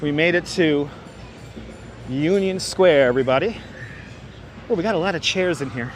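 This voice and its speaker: Walking city streets with a wireless clip-on mic, a man whose voice sits on the high side chats and jokes at a normal pace with his livestream audience, frequently laughing. Faint street noise comes through in the recording.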